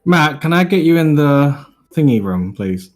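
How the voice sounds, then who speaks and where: A man's voice: fairly high pitch, big pitch swings, measured pace, soft background music. A man playing a tabletop game who chats casually and asks the game master questions. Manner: chatty, asks rules questions. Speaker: player.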